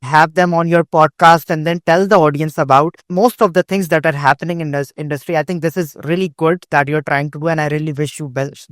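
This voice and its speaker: A man's voice: on the high side, fairly bright tone, no room sound, clean studio sound. A young man from Pakistan, a guest on an interview show, telling his career story in an earnest, casual way, often restarting phrases. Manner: earnest, with frequent repeated starts. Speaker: guest, digital marketing agency owner.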